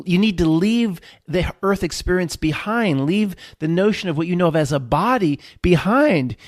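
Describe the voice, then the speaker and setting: A man voicing a booming, detached spiritual higher self who speaks in a matter-of-fact way. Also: lively intonation, normal speed, dry recording, clean studio sound. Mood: brisk.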